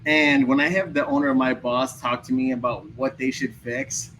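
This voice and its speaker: A man chatting casually as a podcast guest, venting his frustration in an excitable, ranting way. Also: mid-range voice, moderate pace, a little hiss or hum, low-quality recording. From Chicago area. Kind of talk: casual chat.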